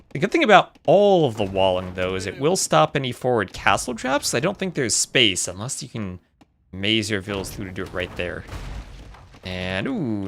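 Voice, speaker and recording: A man's voice: on the low side, creaky, a bit bright, slight background noise. A man casting a strategy game tournament on a live stream in a chatty way, breaking off to thank viewers. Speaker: tournament host and caster. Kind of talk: live-streamed esports commentary.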